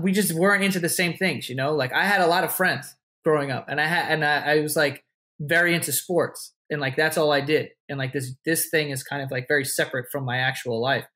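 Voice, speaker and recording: A man's voice: a little high, fairly bright tone. A man, telling stories as a podcast guest in a loose, rambling way full of swearing and restarts. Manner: loose, swearing often, many likes and restarts. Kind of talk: casual interview storytelling.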